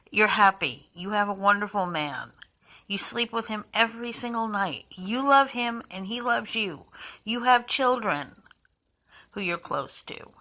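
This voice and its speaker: A woman's voice: medium pitch, bright, forceful tone, rough recording. A woman talking in an emotional, heartfelt personal vlog, rambling and sighing now and then. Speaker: vlogger.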